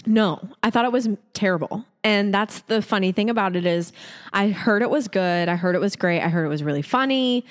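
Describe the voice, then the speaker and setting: A woman co-hosting a casual podcast, her voice sitting at an ordinary middle pitch. She talks in a chatty, opinionated way, piling up fillers as she reviews things. It is easygoing, everyday chat. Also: a little fast, in a large hall. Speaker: podcast co-host.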